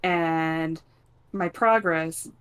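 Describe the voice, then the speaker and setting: A chatty woman with a lower voice, talking casually at a tabletop game. Her delivery rambles and she laughs easily. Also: very slow, fairly bright tone, clean tone. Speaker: player.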